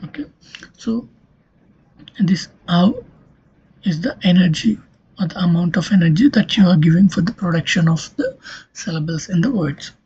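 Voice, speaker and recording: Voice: medium pitch, mellow, husky, lo-fi sound. A linguistics lecturer giving a recorded online lesson, explaining step by step and often checking in with "okay".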